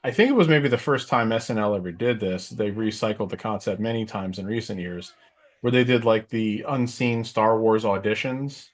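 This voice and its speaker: A man's voice: lowish voice, normal speed. A middle-aged man co-hosting a casual chat, rambling with lots of fillers while he tells a story. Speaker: podcast co-host.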